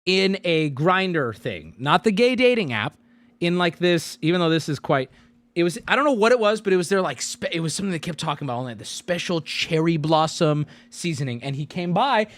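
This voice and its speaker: Animated high-voiced male streamer. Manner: animated, profane, jokey storytelling. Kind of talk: casual stream storytelling.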